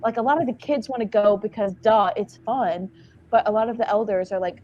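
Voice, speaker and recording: A woman's voice: medium pitch, brisk. A woman playing in a tabletop game, chatty and upbeat, recorded on a slightly dull mic with faint music behind. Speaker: player.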